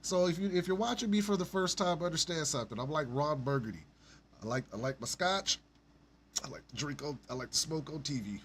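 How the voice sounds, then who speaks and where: Male podcast host, mid-high voice, rambling profane commentary, home setup with faint background noise. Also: lively intonation, a little fast. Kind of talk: ranting solo commentary.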